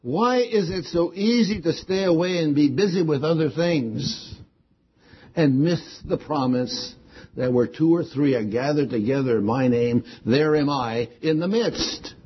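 Male preacher with a husky, somewhat high voice, punching repeated key words; dull lo-fi recording. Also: measured pace. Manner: emphatic, repeats key words with rising stress. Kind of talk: sermon.

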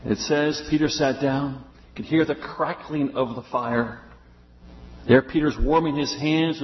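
Male preacher, conversational sermon delivery, echoey hall, muffled recording. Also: medium pitch. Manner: conversational preaching, acts out quoted voices. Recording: roomy, dull lo-fi recording.

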